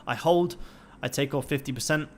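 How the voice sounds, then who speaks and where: Young male livestream host, casual and profane, hyped and motivational, average pitch. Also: moderate pace, a little hiss or hum. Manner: swears constantly, pumped-up and motivational.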